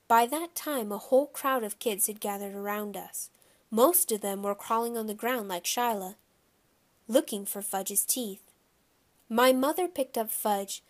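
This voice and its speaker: A woman narrating a children's audiobook with expressive storytelling. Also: a little high.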